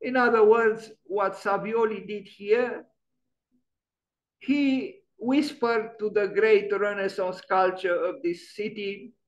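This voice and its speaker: A man's voice: high-pitched, steady tone, slow pace, highs cut off. A man giving an online lecture on architecture, musing and emphatic, often restarting his sentences. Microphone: video call.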